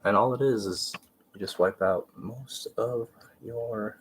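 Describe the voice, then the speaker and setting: A man's voice: on the low side, takes it slowly, slight background noise. A man with a congested voice hosting a livestream, rambling and muttering as he paints miniatures. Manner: rambling, trailing off and muttering while working. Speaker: livestream host. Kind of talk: casual commentary while painting miniatures.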